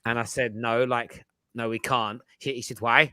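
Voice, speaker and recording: A man in his thirties hosts a casual football chat show, his voice bright and forward. He rambles along, tripping over and repeating his words, and it sounds dry and close to the mic. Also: mid-range voice, little pitch movement, normal speed, no room sound. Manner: chatty, stumbles over words and repeats himself. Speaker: host.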